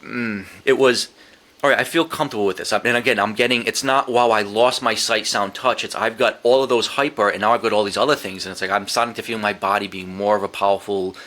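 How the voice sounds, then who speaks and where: A middle-aged man appearing as a podcast guest tells an emotional, profane story in a candid interview, restarting often and quoting his own inner thoughts. His voice is on the low side with a sharp tone.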